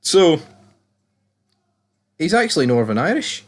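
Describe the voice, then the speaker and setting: A man's voice: on the high side, very animated, measured pace. A British man giving a casual, rambling and opinionated recap of a TV episode, swearing freely as he goes. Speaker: TV series reviewer.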